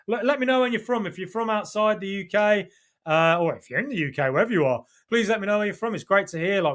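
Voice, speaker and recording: A man's voice: a little high, a bit bright. A man hosting a live fan podcast, reading viewer comments aloud and chatting about them casually, with many fillers and restarts. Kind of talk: casual live-stream chat.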